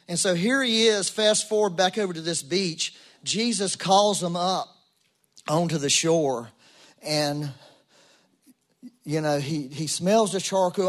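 A man preaching a sermon to a congregation, telling a story in a casual way and building to emphatic peaks. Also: on the high side. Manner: conversational storytelling, rising to emphatic. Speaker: pastor. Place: church room with congregation.

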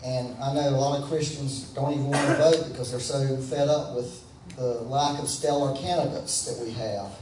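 An American man preaches in a folksy, conversational style, urging the congregation to call back to him. His mid-range voice keeps a fairly even intonation at a moderate pace. The roomy recording of the church sanctuary is taken from a distance, with noise and a faint background behind him.

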